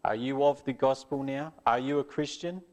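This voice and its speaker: A man reading a story voices a stern, angry village witch doctor who speaks slowly. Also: mid-range voice, fairly even intonation, a little mellow, lightly acted.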